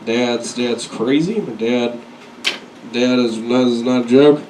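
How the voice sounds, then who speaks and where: A young man performing a stand-up set, telling crude, self-deprecating stories and slipping into quick put-on voices. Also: medium pitch, background noise. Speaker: stand-up comedian. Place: comedy club stage. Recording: echoey room, mic at a distance. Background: audience laughter.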